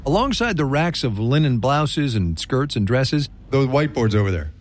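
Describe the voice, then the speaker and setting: A middle-aged man hosting a radio business news show, reporting and interviewing with lively, joking asides. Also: mid-range voice, moderate pace.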